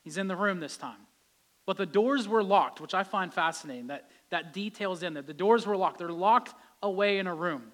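A man's voice: high-pitched, normal speed. A male pastor giving a conversational sermon, his voice rising with emphasis at key points.

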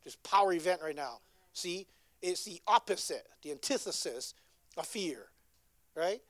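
A woman's voice: lowish voice, lively intonation, a little slow, dry recording. Conversational woman preaching, dry sound. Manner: conversational, keeps asking "right?". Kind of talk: sermon.

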